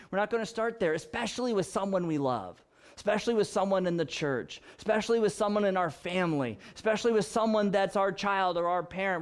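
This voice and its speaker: A pastor delivering a sermon to his congregation in a high, light male voice. He teaches step by step, unpacks the meaning of words, and teases his listeners with easy laughter.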